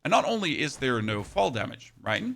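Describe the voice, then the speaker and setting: A man's voice: medium pitch, very animated, gravelly, a bit bright. A man with a German accent giving enthusiastic commentary over his gameplay footage. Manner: enthusiastic, rapid play-by-play calls. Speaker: gaming youtuber.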